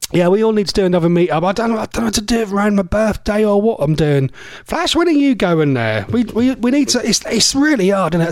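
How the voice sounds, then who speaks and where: A man presenting a casual radio show, rambling and chatty, his voice going a bit hoarse. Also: on the high side, no echo. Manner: rambling, chatty, laughs often.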